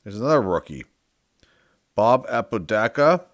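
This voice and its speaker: This is a sports card collector cracking open a box and reading player names as he thinks out loud, sounding relaxed but unsure. His voice sits on the low side with a sing-song, unhurried lilt, captured in a dry studio-quality recording.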